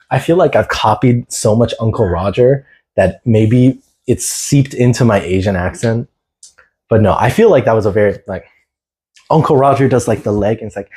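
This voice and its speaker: A man's voice: lowish voice, dark tone, slightly rough. A man chatting casually on a phone livestream, laid-back and slangy, answering viewers' chat. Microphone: phone camera.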